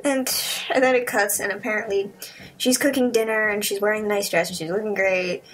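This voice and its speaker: A young woman giving a casual, profane movie review, rambling and sarcastic, acting out the characters in quick voices. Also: mid-range voice, fairly even intonation, soft background music, low-quality recording.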